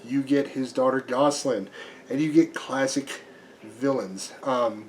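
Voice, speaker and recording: Slightly hoarse chatty man reviewing comics. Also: mid-range voice, slight background noise. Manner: chatty, lots of ums and restarts. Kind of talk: casual spoken review.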